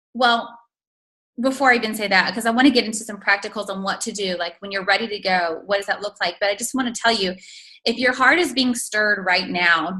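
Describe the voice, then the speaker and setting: A woman giving an energetic, faith-based motivational talk to her sales team over a video call, with lots of fillers. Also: medium pitch, rough recording. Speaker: network marketing team leader.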